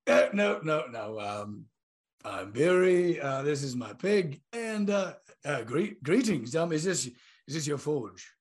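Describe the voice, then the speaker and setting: A man's voice: on the high side, lively intonation, measured pace. A man voicing an insatiably curious dwarf smith, hesitant and rambling with lots of fillers. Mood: eager. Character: curious young dwarf smith, eager and nosy.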